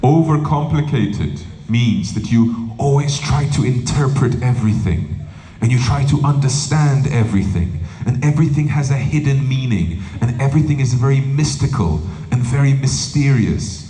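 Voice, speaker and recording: A monk giving a humorous spiritual talk, telling stories with lively delivery and acting out quoted voices. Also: male voice, medium pitch, normal speed. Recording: roomy hall with faint noise.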